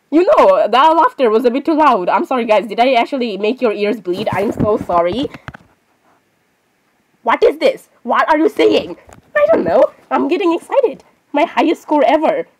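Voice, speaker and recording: Excitable woman narrating her gameplay. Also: a little high, a little hiss or hum. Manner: excitable, apologizes constantly, talks to herself. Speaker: gamer. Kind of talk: casual gameplay commentary.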